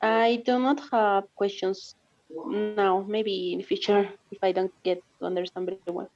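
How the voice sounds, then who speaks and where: A woman's voice: mid-range voice, steady tone, moderate pace, a little mellow, dry recording, muffled recording, faint music behind. A woman, a student answering her teacher in short, hesitant replies over a cell phone on a video call.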